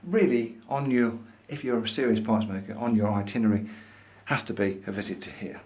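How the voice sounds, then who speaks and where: A man's voice: fairly low pitch, brisk, darkish tone. Chatty enthusiastic man in a shop. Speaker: vlogger. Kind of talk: casual showroom chat to camera. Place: pipe maker's showroom, indoors.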